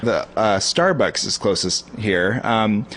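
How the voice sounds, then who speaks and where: A man co-hosting a podcast in casual comedic chat, dry and quick with wry comebacks. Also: on the low side, lively intonation, fairly bright tone. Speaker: podcast co-host.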